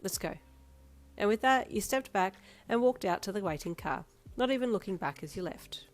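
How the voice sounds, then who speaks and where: A woman narrating a second-person fanfiction story in a steady reading voice. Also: mid-range voice, fairly quick. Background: soft instrumental music.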